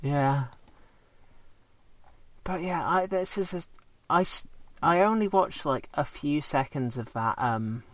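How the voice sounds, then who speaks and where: A man's voice: fairly high pitch, takes it slowly, fairly bright tone, no room sound. A man chatting casually as a co-host, rambling and hesitant with many fillers and restarts. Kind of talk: casual chat.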